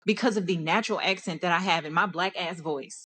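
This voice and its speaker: A woman's voice: on the low side, a little fast, a bit bright. A young woman from Dallas with a Texan accent, talking candidly and passionately in a personal podcast monologue, often restarting her sentences. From Dallas, Texas. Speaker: podcast host.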